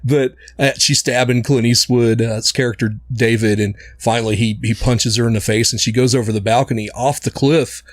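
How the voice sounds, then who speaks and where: A man co-hosting a podcast, chatting casually about a movie in a relaxed way and chuckling often. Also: mid-range voice, normal speed, hardly any pauses, dry recording. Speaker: podcast co-host. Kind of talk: casual movie review chat.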